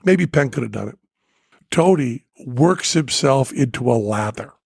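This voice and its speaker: A man hosting a podcast and telling a comic story, animated, loud and profane, often laughing. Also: mid-range voice, a little slow, gravelly, husky, dry recording. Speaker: podcast host.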